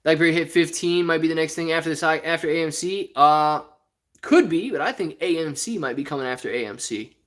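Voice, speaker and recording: A man's voice: on the high side, fairly quick, fairly bright tone. A man from Ohio hosting a casual live stream, reading viewer comments aloud in a rambling, joking way and often laughing. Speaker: stock livestream host.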